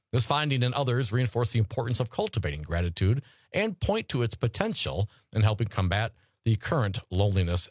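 A man's voice: lowish voice, dry recording, studio quality. A man hosting a talk radio show, reading news articles aloud and riffing on them casually.

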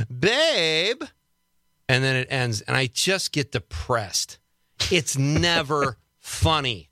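Joking, bright-voiced radio host man. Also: mid-range voice, smooth, dry recording, studio quality. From Wisconsin. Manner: chatty, joking, laughs often. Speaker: radio talk show host. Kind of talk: casual radio talk.

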